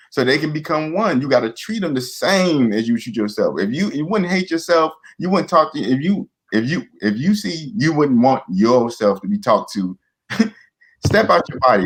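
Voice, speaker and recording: A man talking casually as a guest, earnest and repetitive, often restarting his sentences and acting out quoted voices. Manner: acts out quoted voices in a higher pitch. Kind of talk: casual talk.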